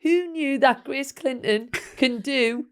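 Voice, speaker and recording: A woman's voice: high voice, slow, clean tone. Teasing Northeast English woman host. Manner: playful, teasing, laughs often. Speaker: podcast host. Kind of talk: casual chat.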